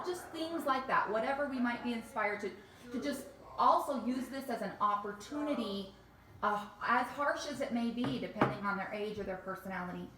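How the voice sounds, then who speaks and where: A woman leading a panel discussion, speaking in a thoughtful, measured and reflective way. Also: medium pitch, a bit bright, a little hiss or hum. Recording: echoey room.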